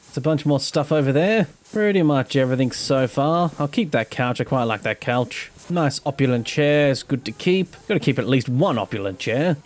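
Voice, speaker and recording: A man's voice: a little high, darkish tone. Playful man commentating gameplay. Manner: playful, theatrical asides. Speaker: gaming YouTuber.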